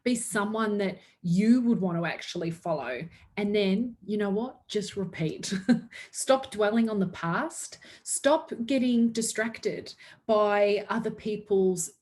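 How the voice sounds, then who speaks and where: A woman's voice: medium pitch, takes it slowly, darkish tone. A woman giving an earnest motivational talk to her sales team, upbeat and laughing often. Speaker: network marketing team leader.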